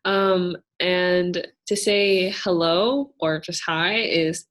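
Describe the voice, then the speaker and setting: A young woman with a fairly low voice answers questions in a relaxed Q&A. She talks thoughtfully and patiently, pausing often and hedging as she explains. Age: young adult. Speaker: student cultural navigator. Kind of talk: casual Q&A answers.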